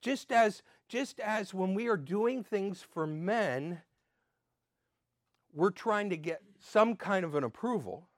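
An older man giving an earnest sermon as a pastor, swinging between emphatic and soft. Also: sits high, expressive, takes it slowly, dry recording, studio quality.

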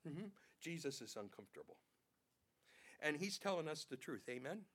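A male pastor preaching a sermon, animated, acting out quotes in changing voices and often repeating words. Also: fairly high pitch, normal speed.

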